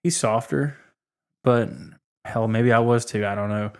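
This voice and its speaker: A man's voice: mid-range voice, measured pace. A man in casual podcast chat, telling a candid, self-critical story about being a dad. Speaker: podcast co-host.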